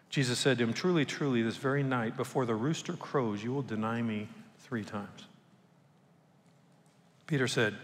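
A man preaching a sermon in a relaxed, conversational way, acting out the voices of people he quotes. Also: mid-range voice, moderate pace, long pauses. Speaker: pastor. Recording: long reverb from a large hall.

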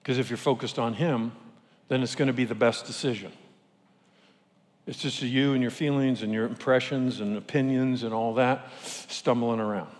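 A man preaches a sermon, working through stories and firing off rhetorical questions at his listeners. His voice sits at an ordinary middle pitch for a man. It rings out with a long reverb, as if from a large hall. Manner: lively storytelling with rhetorical questions. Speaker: pastor.

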